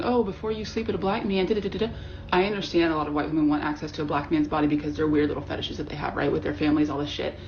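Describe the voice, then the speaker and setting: A woman's voice: sits low, a little hiss or hum. A woman venting in a blunt, profane confessional video rant, audibly frustrated. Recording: dull audio with faint music.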